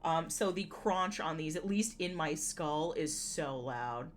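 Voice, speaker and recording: A woman's voice: deep voice, animated, slow, a little hiss or hum. A woman streaming from home, chatting casually with her viewers, giggling often and rambling through lots of fillers. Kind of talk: casual live-stream chat.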